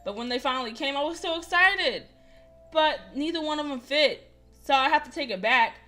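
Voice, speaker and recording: A young woman hosts a visual novel playthrough, chatting to her viewers in a casual, animated way. Her voice sits a little high, and faint music plays underneath her talk. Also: moderate pace. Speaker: gaming host.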